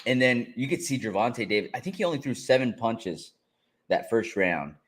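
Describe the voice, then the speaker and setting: A man co-hosting a casual fight reaction show, relaxed and often laughing as he walks through the action. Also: mid-range voice. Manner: relaxed, laughing, drawn-out play-by-play. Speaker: co-host.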